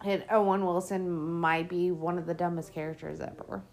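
A woman's voice: on the low side, steady tone, moderate pace, a little mellow. A woman podcast host giving casual movie commentary, swearing a lot and ranting in an exasperated, sarcastic way.

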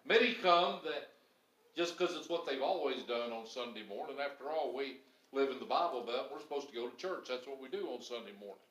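A man's voice: mid-range voice, expressive, a little fast, a bit bright. A man preaching a sermon to his congregation, building to emphatic bursts. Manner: preaching with rising, emphatic bursts and Southern phrasing. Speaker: pastor. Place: church. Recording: echoey church sanctuary.

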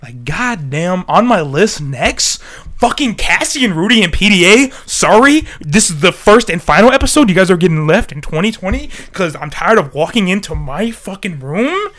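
This young co-host has a high, sing-song voice that's a bit bright, moving at a normal pace. Though he's sick, his casual podcast talk at the desk mic is crude, jokey, and punctuated by plenty of laughter.

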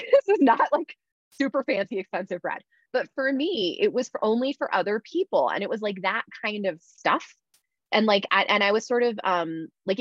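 A woman's voice: mid-range voice, fairly bright tone, no echo. Woman, casual podcast chat, candid and chatty, dry slightly dull recording. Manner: candid, chatty, many "like" fillers.

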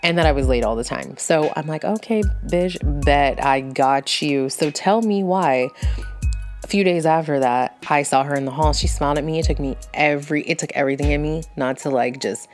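Blunt, profane woman with a low voice. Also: steady tone, quick pace, few pauses, soft background music. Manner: blunt, profane, fired-up storytelling. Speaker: vlogger venting about work. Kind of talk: casual storytime rant.

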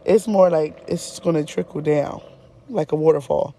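A woman's voice: low-pitched, moderate pace, creaky, dark tone. A woman hosting a podcast, telling a personal story in a frank, casual way, often laughing and swearing. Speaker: podcast host.

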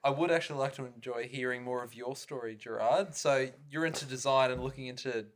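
A man's voice: medium pitch, a little fast. A young man co-hosting a podcast, dropping dry jokes and asking the guest questions. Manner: dry quips and interviewer questions. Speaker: podcast co-host. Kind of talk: casual chat.

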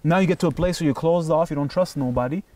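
A man speaking as an interview guest, telling stories in an animated, emphatic way and swearing freely. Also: fairly high pitch, fast talker, no echo, far from the mic. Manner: animated, profane, emphatic storyteller. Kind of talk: casual conversation.

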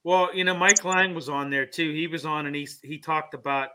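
A male co-host on a hockey talk show, chatting loosely and piling up fillers as he tells stories. His voice sits a little high and sounds bright and forceful. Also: steady tone, normal speed. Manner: rambling storyteller, many "you know" fillers. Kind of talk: casual sports chat.

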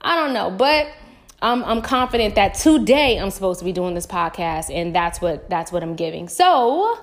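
A woman's voice: fairly low pitch, sing-song, normal speed. A woman hosting her own podcast, talking in an earnest, reflective way and speaking straight to her listeners. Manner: earnest and reflective, rambling with restarts; encouraging, talks straight to listeners. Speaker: podcast host. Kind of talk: casual spiritual podcast monologue.

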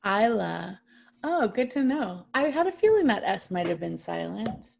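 A woman's voice: a little high, big pitch swings, normal speed, vocal fry, crowd noise. A woman hosting a casual chat who reads tasting notes aloud, swears freely and stumbles over hard words. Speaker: podcast host.

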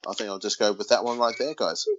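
Australian male podcast co-host, lowish voice, teasing, reads news aloud; dull lo-fi sound. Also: steady tone, quick pace, a crowd in the background. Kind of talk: casual podcast chat. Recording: dull lo-fi dry recording.

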